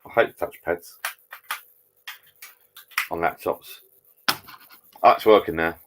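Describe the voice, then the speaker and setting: A man's voice: low voice, slow pace, noisy background. A man hosting a casual live chat from his garden bar. He rambles and greets viewers by name. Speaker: live stream host. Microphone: laptop.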